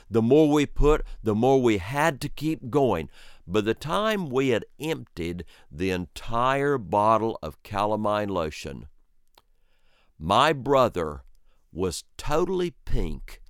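Male storyteller, lively pitch, slow delivery, smooth clear voice, dry studio sound. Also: dry recording. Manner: lively, dramatic pauses and sudden pitch jumps. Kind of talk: told personal story.

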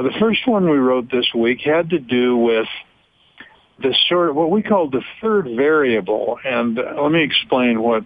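A man's voice: lowish voice, no echo. An older man co-hosting a radio show in a casual chat, rambling with fillers and chuckles. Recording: narrow phone-like radio sound.

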